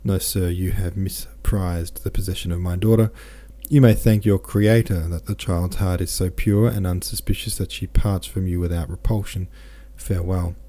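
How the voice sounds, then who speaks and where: A man's voice: low voice, steady tone, moderate pace, few pauses, mellow. A man reading the lines of a stern, dignified older father in a novel, formal and firm.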